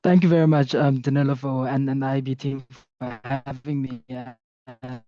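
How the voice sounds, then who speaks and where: A man speaking as a panelist over a poor video call connection, halting and hesitant with fillers. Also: medium pitch, level tone, dark tone, dry recording. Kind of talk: panel discussion. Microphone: video call with bad connection. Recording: dull, dry lo-fi call audio.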